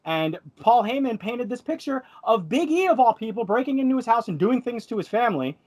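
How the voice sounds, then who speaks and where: A man's voice: very high voice, sing-song, a little fast, darkish tone. A man on a wrestling panel, talking in an enthusiastic, opinionated way in casual chat.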